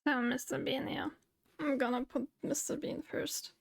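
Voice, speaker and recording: A woman streaming live, chatting, thinking aloud and getting excited. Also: sits high, moderate pace, vocal fry. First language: German. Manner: excitable, talks to herself while thinking. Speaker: VTuber streamer. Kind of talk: live game stream chat.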